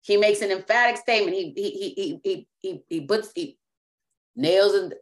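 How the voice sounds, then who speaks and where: A woman's voice: mid-range voice, moderate pace. A woman preaching a sermon as apostle and teacher, speaking emphatically and often repeating and restarting words.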